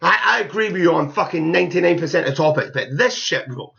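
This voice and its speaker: Gravelly high-voiced man ranting. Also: lively intonation, quick pace, pushed and bright, dull audio. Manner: blunt, scornful, swears heavily. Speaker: YouTube commentator. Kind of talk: profane reaction commentary.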